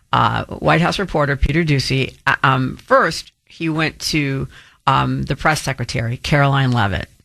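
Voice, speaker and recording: A man's voice: fairly high pitch, creaky, sharp tone, dry recording, clean studio sound. A man filling in as a talk radio host, speaking in a rambling monologue with frequent restarts.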